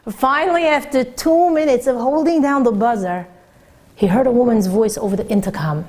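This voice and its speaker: A woman rabbanit, telling a story in a Torah talk and acting out the voices of its people. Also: moderate pace. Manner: animated storyteller, acting out quoted voices with big pitch jumps.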